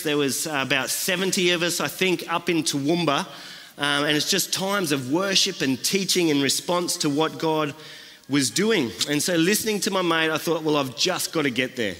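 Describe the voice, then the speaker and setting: A man's voice: on the high side, pushed and bright. A man preaching a sermon as a guest speaker, earnest and repeating phrases for emphasis. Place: church. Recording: long church reverb.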